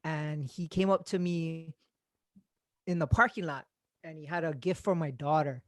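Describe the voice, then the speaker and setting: A man, hosting a podcast and telling stories in casual chat, animated and swearing freely. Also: a little high, normal speed, dry recording. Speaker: podcast host.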